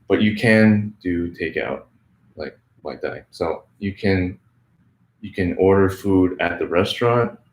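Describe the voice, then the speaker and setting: Man, very low voice, English teacher, casual Q&A, chatty with fillers, echoey room. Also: a little hiss or hum. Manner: relaxed, chatty, lots of "like" and "um". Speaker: English teacher, channel host. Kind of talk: casual Q&A, answering viewer questions.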